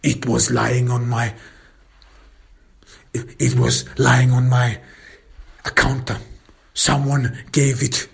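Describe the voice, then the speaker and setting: A cornered middle-aged man spins nervous excuses, as a male narrator puts him on. The voice is husky and gravelly and the lies come slowly. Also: medium pitch, completely flat delivery, full character voice. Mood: evasive. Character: evasive, lying middle-aged man caught out.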